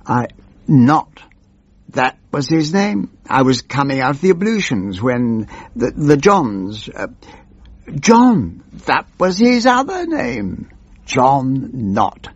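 A gravelly, husky-voiced ancient parliamentarian, drawling slowly and wandering off into muddled, pompous reminiscences. His pitch rises and falls in lively swoops, and the sound is dull and lo-fi. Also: no echo, exaggerated voice. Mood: reminiscing. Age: older. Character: doddering ancient male MP, rambling and forgetful. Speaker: comic character monologue. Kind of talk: scripted comic monologue.

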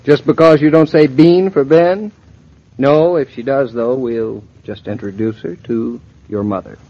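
A man's voice: mid-range voice, fairly even intonation, measured pace. An actor playing a newlywed husband, bantering playfully with his wife in vintage film dialogue, on dull lo-fi audio.

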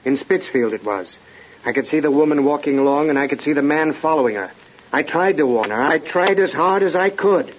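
An actor playing a nervous, haunted clairvoyant haunted by prophetic dreams in a vintage radio drama, with a hesitant, anxious, pleading manner. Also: male voice, on the high side, a little hiss or hum, natural voice. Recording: lo-fi old radio broadcast.

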